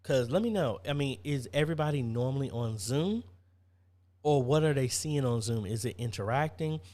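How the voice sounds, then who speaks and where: A man's voice: mid-range voice, normal speed, mellow. A man hosting a casual live-stream Q&A, chatty, reading viewer comments aloud and answering them.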